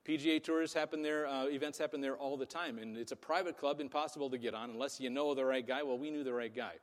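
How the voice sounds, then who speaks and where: Chatty middle-aged pastor in a reverberant hall. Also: male voice, medium pitch, fast. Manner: conversational storytelling with many fillers. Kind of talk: sermon with a personal story. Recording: long reverb of a large hall.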